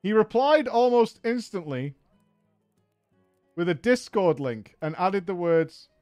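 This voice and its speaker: A podcast host with a high, bouncy male voice slowly reads a story aloud for laughs, constantly breaking off into giggling, profane commentary. The audio is dry, close and a bit dull with no echo, and faint music plays underneath.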